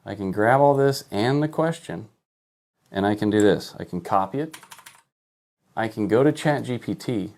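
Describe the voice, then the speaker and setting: A man's voice: lowish voice, lively intonation, normal speed, pauses often, a little mellow. Emphatic man coaching with rhetorical questions. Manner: emphatic, rhetorical questions, frequent "okay?" and "look at this". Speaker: online business coach. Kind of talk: live-streamed marketing lesson.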